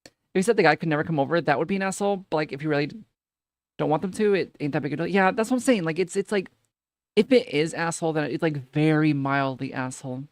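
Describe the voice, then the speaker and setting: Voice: medium pitch, fast talker, dry recording, clean studio sound. A streamer in casual reaction commentary, reading posts aloud and ranting about them in a profane, incredulous way with lots of repeated phrases.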